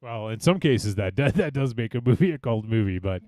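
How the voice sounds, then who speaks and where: Podcast host, man, mid-pitched, teasing and chuckling, dry close mic. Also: animated, brisk, a little mellow, dry recording. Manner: laughing, teasing banter. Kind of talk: casual movie discussion.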